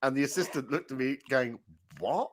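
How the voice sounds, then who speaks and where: A man hosts a comedy show in casual banter. He giggles often and jumps into silly voices. His pitch moves around a lot as he talks. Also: expressive, moderate pace, a bit bright.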